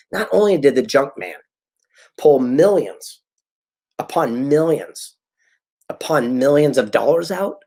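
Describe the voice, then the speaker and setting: Lively, husky-voiced motivational speaker man. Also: a little high. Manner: animated storyteller, acts out quoted dialogue. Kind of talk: motivational talk.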